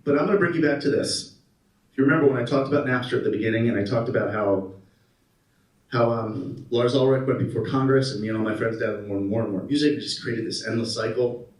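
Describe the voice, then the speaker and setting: A man in his thirties giving a conference keynote, an animated storyteller who asks the audience questions. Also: mid-range voice, quick pace. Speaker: keynote speaker. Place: conference hall. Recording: roomy hall, mic at a distance.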